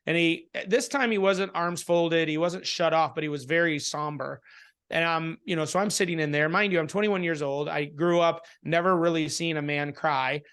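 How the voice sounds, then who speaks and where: Animated man telling a story. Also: on the high side, moderate pace, smooth. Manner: animated storyteller, many restarts, acts out quotes. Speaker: interview guest. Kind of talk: casual storytelling in a conversation.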